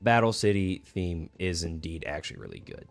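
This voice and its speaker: Young male streamer, low-pitched, relaxed rambling chat over faint music. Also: moderate pace, vocal fry. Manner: laid-back, rambling, lots of "like" and restarts. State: hiccuping. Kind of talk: casual gaming stream chat.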